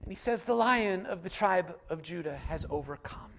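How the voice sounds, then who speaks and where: A man preaching a sermon, swinging from loud, driven passages to soft, hushed appeals. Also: sits high, lively intonation, normal speed, gravelly, a little hiss or hum. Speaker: pastor.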